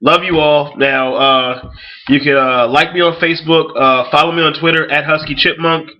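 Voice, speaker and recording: A man's voice: fairly high pitch, fairly even intonation, normal speed, muffled recording. A man ranting about sports in a vlog, angry and profane, swearing heavily with a swaggering delivery.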